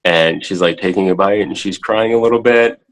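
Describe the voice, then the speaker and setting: A man in his thirties, a podcast guest talking casually from a child's room at home, halting and full of filler words, turning animated when he acts out his own past words. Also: low-pitched, poor audio. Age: 30s. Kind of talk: casual interview talk.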